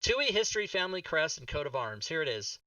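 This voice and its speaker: A man's voice: on the high side, fast talker, dry recording, distant mic. A middle-aged man streaming, chatting casually and joking with lots of swearing. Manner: joking, swears, lively comic asides. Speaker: streamer and game master.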